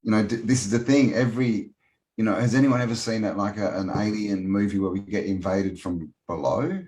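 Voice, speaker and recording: A man's voice: on the low side, fairly even intonation, a little fast, darkish tone, rough recording. A man musing in casual chat, hesitant and searching for words.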